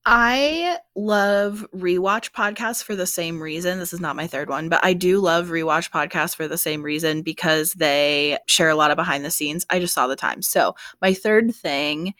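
A woman co-hosting a podcast in casual chat, enthusiastic and quick to laugh. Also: lowish voice, a bit bright, no echo, clean studio sound. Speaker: podcast co-host. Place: podcast studio.

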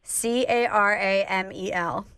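A woman's voice: mid-range voice, unhurried, smooth, no room sound, low-quality recording. Playful woman on a dry close mic. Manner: animated, playful teasing. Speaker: podcast co-host. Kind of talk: casual chat. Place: Saint Louis.

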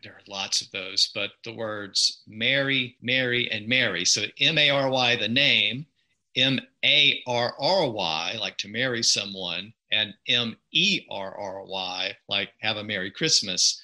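A man's voice: fairly low pitch, lively intonation, unhurried, pushed and bright, poor audio. A man with a Southern US accent, a podcaster and lawyer, explaining things patiently and precisely as an interview guest.

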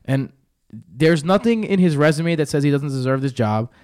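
A man's voice: on the high side, animated, normal speed, a little mellow. A man with a New York accent giving blunt, opinionated takes in a casual sports chat. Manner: blunt, opinionated, speaks his mind.

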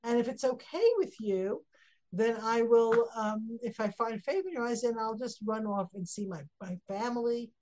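A woman's voice: on the high side, normal speed, warm tone. A woman teaching a text study class, reading verses aloud and then explaining them, acting out the quotes with rising emphasis. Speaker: Torah teacher.

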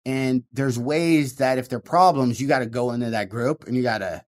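Fast-talking Michigan comedian. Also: male voice. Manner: fast, animated, demonstrates by swinging his voice high and low. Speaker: stand-up comedian, guest. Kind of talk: casual interview talk.

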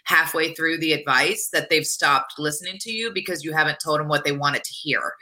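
A woman's voice: sits low, fairly quick, sharp tone. A middle-aged woman guest speaking frankly in a rambling, casual way with many fillers. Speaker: guest, wrestler. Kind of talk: casual interview chat.

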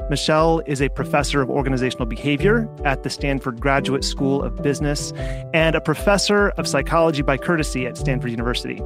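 A man hosting a podcast, reading a scripted introduction and then asking his guest questions in a measured, articulate way. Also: mid-range voice. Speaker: podcast host.

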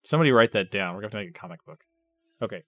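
A man's voice: on the low side, expressive, rapid-fire, a bit bright. A man co-hosting a podcast in casual chat, wry and bantering. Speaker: podcast co-host.

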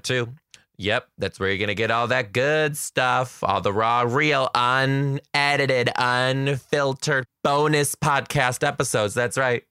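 A man's voice: fairly high pitch, bright, forceful tone, smooth, no room sound, studio quality. A man hosting his own podcast as a kindergarten teacher, chatting in an upbeat, playful way. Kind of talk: casual solo podcast chat.

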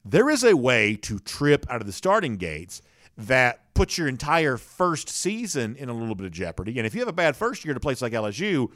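Guy doing sports talk commentary, casual and opinionated, lots of ums, mid-pitched voice, dead dry sound. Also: very animated, a little fast, fairly bright tone, no room sound. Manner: chatty, opinionated, with frequent fillers and restarts. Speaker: sports talk show host.

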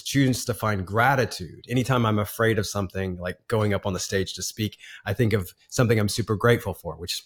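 A man in his forties, a podcast guest, telling a personal story in a casual, earnest way with frequent laughs and restarts. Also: on the low side.

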